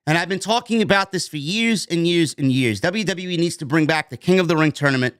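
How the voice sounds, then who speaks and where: A man's voice: fairly high pitch, expressive, fairly quick, a bit bright, clear, resonant tone. A man hosting a wrestling news podcast, delivering an emphatic, opinionated rant and swearing freely.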